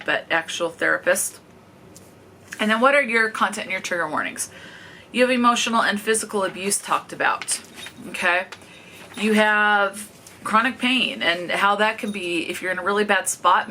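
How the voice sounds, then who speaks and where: Woman, book vlogger, bright forceful voice, flat matter-of-fact list delivery. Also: mid-range voice, slight background noise. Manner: matter-of-fact, reads out tallies, checks in with "okay?". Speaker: book reviewer. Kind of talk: casual book review vlog.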